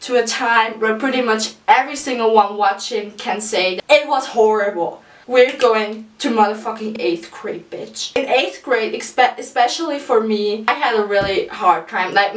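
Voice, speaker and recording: A young woman tells a storytime vlog in a chatty, swear-heavy way. Her voice sits fairly high, and it sounds roomy, as if the mic is some way off. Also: moderate pace, hardly any pauses, far from the mic. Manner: chatty, profane, lots of "like" fillers, laughs through it. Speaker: vlogger.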